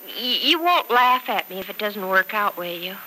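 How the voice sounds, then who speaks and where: An actress playing a nervous, giggly young newlywed wife in a 1940s radio drama, recorded on an old radio transcription. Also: female voice, medium pitch, expressive, normal speed, sharp tone, a little hiss or hum, low-quality recording. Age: young adult. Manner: giggly, fretful, sweet.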